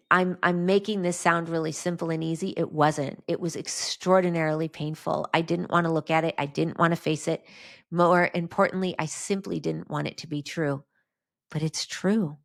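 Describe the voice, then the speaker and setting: A woman's voice: lowish voice, gravelly. A middle-aged woman hosting a faith-based podcast, talking earnestly about trauma and healing through personal stories. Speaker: podcast host.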